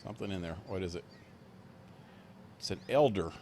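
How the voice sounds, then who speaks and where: A man's voice: low-pitched, expressive, moderate pace, dark tone, a little hiss or hum. A man streaming a game, cracking crude jokes and commenting casually on what he sees as he plays. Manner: joking, crude wisecracks while playing.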